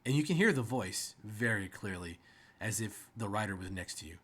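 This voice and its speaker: A man narrating as game master of a tabletop game, slow and descriptive. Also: on the low side, animated, fairly bright tone, slight background noise.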